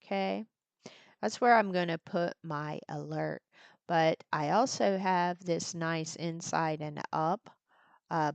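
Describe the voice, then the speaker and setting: A woman walks through trade setups on a live stream in an unhurried, gravelly voice. Her low tone comes across smooth and crisp, recorded close and dry with no room sound. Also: dry recording. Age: older. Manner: chatty, breaks off to talk with her granddaughter. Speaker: trading educator hosting a live stream. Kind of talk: casual live market walkthrough. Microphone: desktop mic at a computer, screen sharing.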